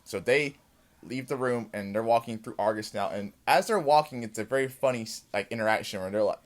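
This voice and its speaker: Man, show host, casual episode recap, animated retelling, mid-pitched voice. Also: brisk. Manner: excited storytelling recap, acts out characters' lines.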